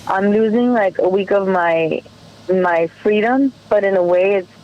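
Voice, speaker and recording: A woman's voice: medium pitch, steady tone, moderate pace, highs cut off. A woman guest on a podcast telling a personal story in an earnest, emotional way, often restarting her sentences.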